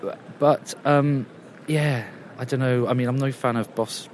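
A man's voice: medium pitch, steady tone, measured pace, a little hiss or hum. A man casually reporting from a games convention, rambling and chatty, recorded outdoors. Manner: rambling and chatty, with many fillers. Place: quieter outdoor area at a convention.

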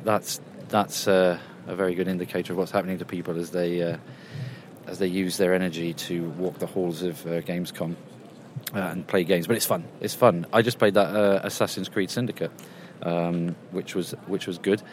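In a calmer outdoor part of a games convention, a deep-voiced man reports in a loose, rambling way with lots of filler words. He speaks at a moderate pace with little pitch movement, over slight background noise.

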